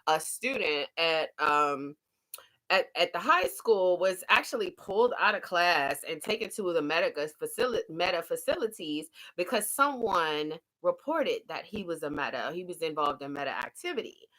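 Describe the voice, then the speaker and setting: A woman hosting a casual TV recap vlog, telling the story in an animated, slangy way and laughing often. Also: fairly low pitch, moderate pace. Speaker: TV episode recap host.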